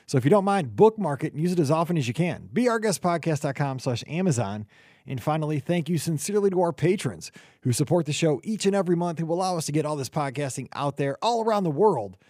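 A man hosting a podcast in upbeat chat, his voice a little hoarse from cheering. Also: on the high side, fast talker, dry recording, studio quality. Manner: energetic, enthusiastic. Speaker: podcast host.

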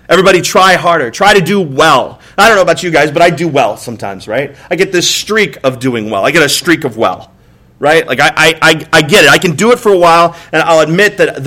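A pastor preaches a sermon in church with a forceful, bright voice on the high side. His style is conversational, peppered with rhetorical "right?" questions, repeated words, and acted-out exasperated outbursts.

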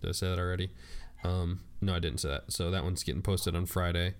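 A man co-hosting a casual podcast, talking about his videos in a relaxed, hesitant way. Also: low voice, quick pace, clean tone. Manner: relaxed, hesitant with many ums. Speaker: podcast co-host, video maker. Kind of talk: casual chat.

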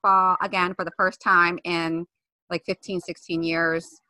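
A woman's voice: lowish voice, little pitch movement, measured pace, pushed and bright, no echo. A woman co-hosting a podcast in casual chat, giggly and upbeat. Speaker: podcast co-host.

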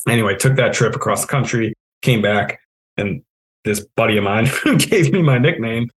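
Laid-back male guest, 30s, from New England, mid-pitched, casual storyteller who laughs at himself. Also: normal speed, low-quality recording. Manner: laid-back, self-mocking, laughs often. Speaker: guest, trail project manager.

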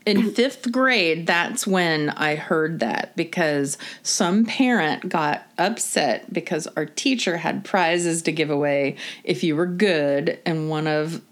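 A woman co-hosting a casual chat, telling animated anecdotes and laughing often. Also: low voice, slow pace, few pauses. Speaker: podcast co-host.

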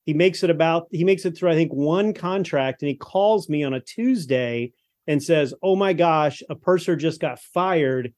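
A man's voice: fairly high pitch, normal speed, a little mellow. A man in his fifties from Texas, a guest telling stories in a casual interview chat, rambling with frequent restarts over a video call. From Texas, USA. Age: 50s.

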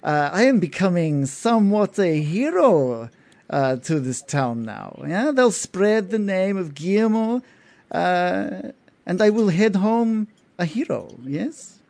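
Man playing a vain half-elf noble bard, raised pitch, haughty and theatrical. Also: sing-song, takes it slowly, vocal fry, darkish tone, heavily acted. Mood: smug.

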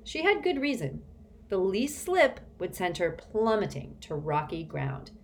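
A woman narrating an audiobook in a measured, expressive storytelling manner. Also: medium pitch, slight background noise.

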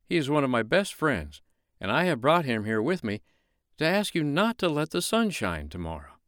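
A man's voice: mid-range voice, big pitch swings, normal speed, fairly bright tone, smooth, dry recording, studio quality, pitched above the performer's own voice. A man voicing a fretful, chatty male snowman in a bedtime story, fussy and exclaiming. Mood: anxious.

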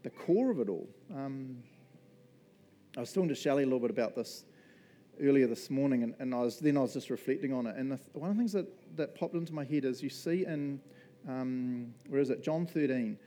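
A man preaching a casual, conversational sermon as pastor, laughing often and making quick asides during a church service. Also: medium pitch, animated, mellow.

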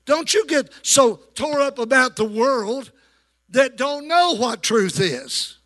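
Preacher guy, pretty high bright voice, keeps asking the church for an amen. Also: big pitch swings, slow. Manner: preaching with call-and-response to the congregation. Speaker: pastor. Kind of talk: sermon.

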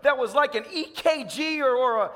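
High-voiced fervent Tennessee preacher. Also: male voice, normal speed, fairly bright tone, in a large hall. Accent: Southern US, Tennessee. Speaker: pastor. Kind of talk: sermon. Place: church sanctuary.

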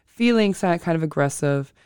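An astrology podcast host talking casually on their own, slow and deliberate, thinking before each phrase and often correcting themselves mid-sentence. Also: medium pitch, expressive, a little mellow, clean tone, no room sound, clean studio sound. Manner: self-correcting, with frequent restarts. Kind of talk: casual solo podcast talk.

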